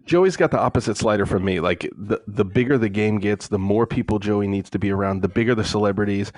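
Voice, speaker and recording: A man's voice: lowish voice, quick pace, darkish tone, dry recording. A man hosting a sports fan podcast, telling self-mocking stories about how he watches games. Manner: playful, self-mocking storyteller. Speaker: podcast host. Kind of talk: casual sports chat.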